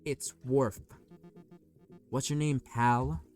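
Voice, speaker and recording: A man voicing a laid-back male elevator operator, chummy and a bit louder than usual. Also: medium pitch, fairly even intonation, very slow, soft background music. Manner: chummy, louder, calls people pal.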